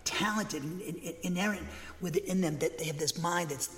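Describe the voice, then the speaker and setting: A man preaching a sermon from a pulpit, emphatic and dogmatic, getting excited and speaking with conviction. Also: fairly high pitch, brisk. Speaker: pastor. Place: church. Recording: long hall reverb.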